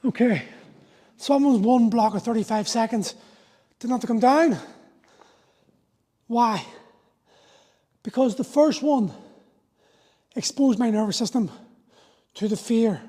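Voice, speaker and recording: A man's voice: very high voice, a little slow, pauses often, mellow. A man in his forties, a fitness coach talking through a live workout, explaining and motivating in an earnest way. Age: 40s.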